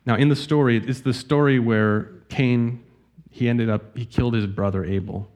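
A man preaching a sermon as pastor, speaking earnestly and gently, reading scripture slowly to his congregation. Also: mid-range voice, steady tone.

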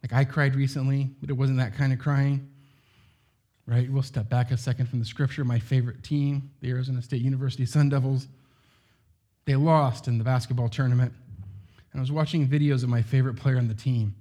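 A middle-aged man preaching a sermon, talking to his congregation like he's chatting with friends. He leans on filler words and rhetorical questions, keeping it loose and informal in a voice that sits at an ordinary male pitch. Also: little pitch movement, a little fast, dark tone. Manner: conversational, heavy use of "like" and rhetorical questions.

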